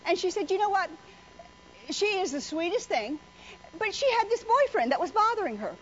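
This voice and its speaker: A woman's voice: very high voice, very animated, normal speed. A woman preacher delivering a folksy, joking sermon full of stories. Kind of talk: sermon with storytelling. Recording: slightly muffled with faint noise.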